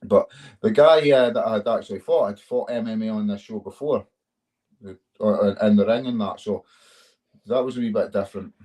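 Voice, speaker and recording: Scottish fighter, low voice, swearing freely. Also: male voice, normal speed, warm tone. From Scotland. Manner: swears freely, chuckles through his stories. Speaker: MMA fighter, interview guest. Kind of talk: casual storytelling chat.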